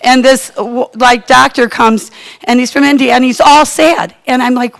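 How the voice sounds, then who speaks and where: A middle-aged woman tells a personal story in a chatty, self-mocking way. Her fairly high voice has a gravelly fry to it. She sounds casual and comic, as if talking to friends. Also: steady tone, a little fast, low-quality recording. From Chicago, USA.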